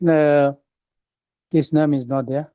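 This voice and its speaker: A man's voice: a little high, little pitch movement, slow pace, dry recording, dull audio. A man presiding as judge in a court hearing, asking brief, probing questions. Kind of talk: courtroom proceedings.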